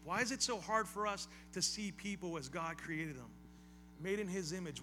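A man preaching to his congregation in a high, bright voice. He keeps it conversational with casual asides, then repeats phrases and leans into emphatic appeals. A faint hum sits under the recording. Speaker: pastor. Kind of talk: sermon.

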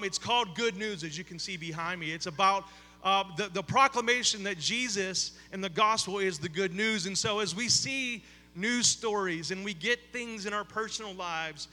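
A man's voice: high-pitched, bright, forceful tone, long reverb tail. A man who is a campus pastor, giving a conversational sermon with an opening prayer, talking with many fillers and repeated words in a church sanctuary.

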